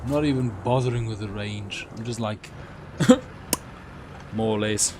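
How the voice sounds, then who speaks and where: A young man chatting through a live game stream, rambling about his play and breaking into sudden excited shouts. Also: on the low side, a little fast, background noise. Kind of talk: live gameplay commentary.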